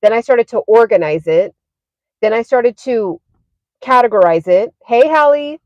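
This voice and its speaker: A woman's voice: a little high, lively intonation, unhurried, no echo, lo-fi sound. A woman talking casually on a livestream from her parked car, chatty with lots of fillers and laughs. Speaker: fitness and wellness creator.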